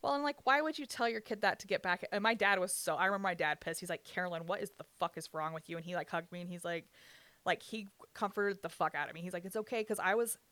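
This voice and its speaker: A woman's voice: medium pitch, fast talker, a bit bright, no room sound. A young woman telling an emotional personal story in candid conversation, swearing freely and laughing through the pain.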